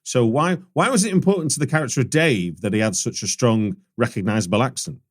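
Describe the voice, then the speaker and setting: A man's voice: medium pitch, fast talker. A man hosting a podcast, asking questions in a chatty, joking way. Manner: chatty, jokey interviewer asking follow-up questions. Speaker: podcast host. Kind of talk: casual podcast interview.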